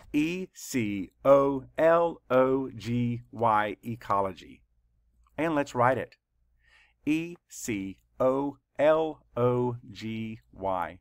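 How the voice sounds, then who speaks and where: Slow, deliberate man teaching spelling. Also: medium pitch, fairly bright tone, dry recording, studio quality. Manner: slow, deliberate letter-by-letter dictation. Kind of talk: spelling lesson for children.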